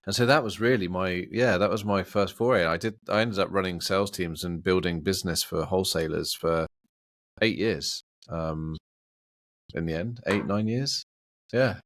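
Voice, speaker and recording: A middle-aged Englishman with a lowish voice, chatting as an interview guest. He tells anecdotes in an animated way, laughs often and slips into the voices of others. The sound is dry and close. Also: moderate pace, dry recording. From England. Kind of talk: casual interview storytelling.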